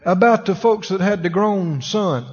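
This man's voice sits high, with a darkish tone and a measured pace. He is a pastor preaching in a church sanctuary, teaching conversationally and asking the congregation questions along the way. The audio sounds dull and lo-fi, with the long reverb of a large hall.

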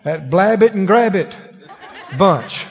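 A man's voice: sits high, lively intonation, slow pace, vocal fry, faint music behind. A man preaching a conversational sermon, asking the congregation questions as he teaches. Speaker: pastor. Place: church sanctuary. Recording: dull lo-fi recording in a long-reverb hall.

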